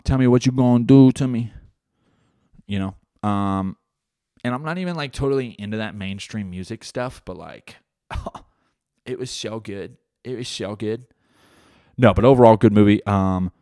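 A man's voice: on the low side, dry recording, clean studio sound. A young man hosting his own podcast, chatting casually and rambling, with lots of swearing and filler words. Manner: profane, rambling, animated with many fillers. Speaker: podcast host; stand-up comedian. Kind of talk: casual solo podcast chat. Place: home room.

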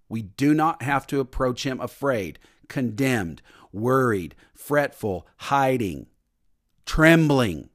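A man preaching a sermon, stressing points with repetition and dropping to a soft voice at times. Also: medium pitch. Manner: preaching with emphatic repetition and sudden soft drops. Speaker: pastor.

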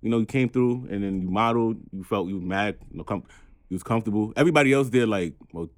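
A man's voice: lowish voice, fast talker, no room sound, studio quality. A man hosting a podcast, telling stories in casual chat and teasing his guests with jokes. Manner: teasing, joking storyteller. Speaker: podcast host.

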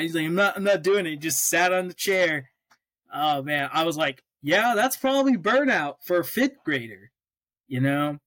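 A man's voice: fairly high pitch, a bit bright, no echo. Swearing young man, dry close sound. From Oklahoma. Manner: storytelling, swears freely, restarts often. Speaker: podcast co-host. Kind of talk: casual chat.

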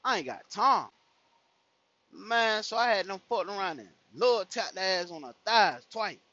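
Man, animated storyteller, heavy slang, fairly high voice, lo-fi muffled sound. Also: normal speed, no room sound. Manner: animated, profane street slang, voices the people he quotes. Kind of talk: casual personal anecdote. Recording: dull lo-fi recording.

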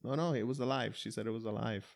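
A man's voice: medium pitch, fast, creaky. A man telling a story in casual chat, laughing and acting out what people said. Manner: laughing storyteller, acts out quotes with swearing.

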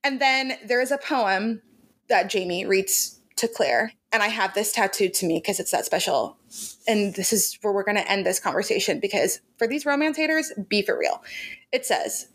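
A woman's voice: medium pitch, lively intonation, moderate pace, fairly bright tone, breathy edge. A young woman co-hosting a podcast, chatting casually and gushing emphatically about a favorite book series, laughing often. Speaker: podcast co-host.

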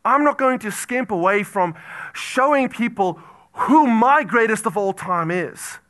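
Preaching in a high, unhurried voice, this pastor is animated, shifting from booming exclamations down to near-whispers. He repeats phrases to drive his points home.

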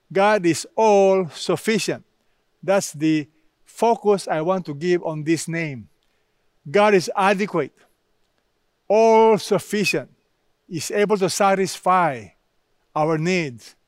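A man's voice: high-pitched, no room sound, studio quality. A man preaching a sermon, stressing key words by repeating them.

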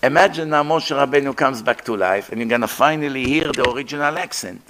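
An aged man giving a religious lecture, animated and conversational, acting out the sounds he describes. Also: mid-range voice, quick pace, slight background noise. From Middle East. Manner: animated, demonstrates throat sounds, conversational asides.

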